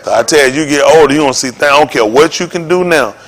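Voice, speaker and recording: A man's voice: a little high, fast. Folksy preacher man, joking and preaching. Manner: folksy, joking, rising to shouts. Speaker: congregation leader. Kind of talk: informal sermon to a congregation.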